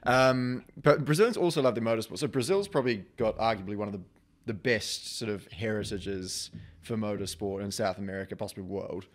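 A man hosting a podcast, chatting casually with deadpan jokes and frequent laughs. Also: lowish voice, brisk. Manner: joking, deadpan one-liners, frequent laughs. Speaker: podcast host. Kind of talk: casual chat.

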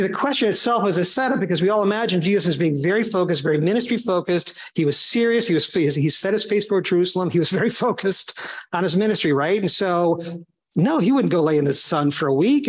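A man's voice: expressive, fast talker, breathy edge. A man teaching a small Bible study group in a conversational way, acting out the voices he quotes. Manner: conversational, acts out quoted voices with big pitch jumps.

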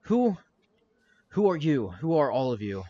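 A man voicing a very old human sorcerer who asks anxious, halting questions. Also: on the high side, sing-song, mellow, dull audio, pitched above the performer's own voice. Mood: startled.

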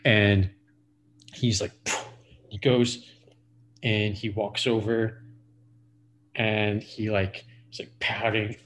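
A man's voice: fairly low pitch, level tone, takes it slowly, long pauses, noisy background. A man in his forties, a podcast guest, telling a profane, rambling story full of "like" fillers. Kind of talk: casual storytelling.

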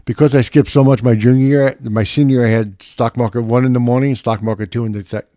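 A man's voice: mid-range voice, steady tone, quick pace, warm tone, no room sound, clean studio sound. A middle-aged man telling a profane, brash story in casual chat.

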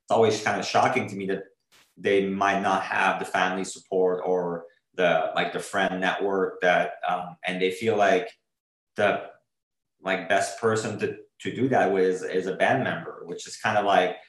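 A man's voice: low voice, steady tone, moderate pace, reverberant, rough recording. A man in an interview, talking earnestly and rambling, with many fillers and restarts as he searches for words. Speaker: drummer being interviewed. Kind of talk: casual interview talk.

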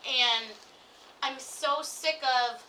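A woman co-hosting a podcast, telling a story in casual chat, animated and laughing often as she acts out what others said. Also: high-pitched, extremely slow, distant mic, a little hiss or hum, low-quality recording. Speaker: podcast co-host.

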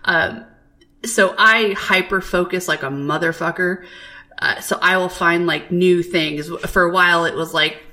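Bright-voiced, swearing woman podcast host. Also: lowish voice, a little slow. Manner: profane, animated storytelling. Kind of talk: casual chat.

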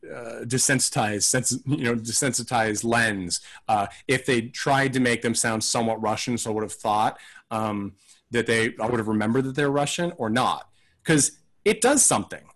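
A man's voice: medium pitch, fairly even intonation, normal speed, fairly bright tone. A man co-hosting a casual film podcast, talking in a thoughtful, rambling, hedging way. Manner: acts out mock quotes in silly voices.

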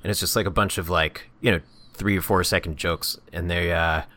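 A man co-hosting a podcast in casual chat, talking quickly and stumbling over repeated words. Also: deep voice, steady tone, bright, forceful tone. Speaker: podcast co-host.

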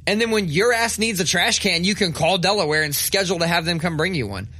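A man's voice: high-pitched, expressive, fast, pushed and bright. A man co-hosting a podcast, telling a long story in casual chat, swearing a lot and ranting with mock outrage. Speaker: podcast co-host.

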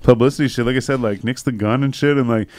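A man's voice: mid-range voice, steady tone, fast talker, darkish tone, no room sound. A man in casual chat, rambling and swearing, often acting out what people said. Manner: rambling, profane, acts out quotes.

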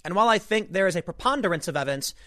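A man with a fairly high voice hosts his own political commentary. He talks in an animated, emphatic way and peppers his points with rhetorical asides. The recording is dry and close, with no room sound. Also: very fast, no echo.

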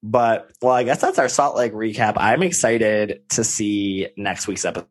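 A man co-hosting a podcast, talking in an excitable, chatty way and laughing often. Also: fairly low pitch, moderate pace. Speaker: podcast co-host. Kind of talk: casual chat.

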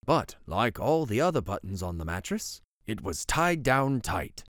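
Animated storybook reader with a dry close voice. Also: male voice, lowish voice, a little slow, dry recording. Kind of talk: reading a bedtime picture book aloud.

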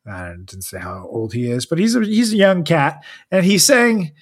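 A man's voice: on the high side, normal speed. A man co-hosting a comedy podcast, telling a story with lots of jokes and laughter. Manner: joking, laughs often, animated storytelling. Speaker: podcast co-host. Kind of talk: casual comedic podcast chat.

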